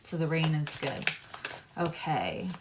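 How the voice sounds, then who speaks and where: A woman's voice: deep voice, expressive, slow, noisy background. A woman reading tarot cards on a live stream, chatting with viewers in a loose, digressive way. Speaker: tarot reader and astrologer.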